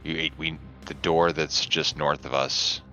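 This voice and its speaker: Man, tabletop player, very deep voice, bright tone, lo-fi mic. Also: flat delivery, slow, faint music behind. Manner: casual, decisive in-character plans. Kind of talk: playing a tabletop game. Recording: dull lo-fi mic.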